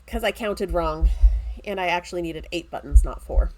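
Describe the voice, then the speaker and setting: A woman's voice: lowish voice, moderate pace. A woman co-hosting a casual crafting chat, playful and self-mocking. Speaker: co-host.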